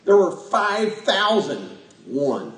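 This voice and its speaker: A man's voice: high-pitched, very animated, slow pace. A man preaching a folksy, emotional sermon to a congregation, laughing often as he talks. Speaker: pastor. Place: church sanctuary with congregation. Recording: echoey church, voice from far off.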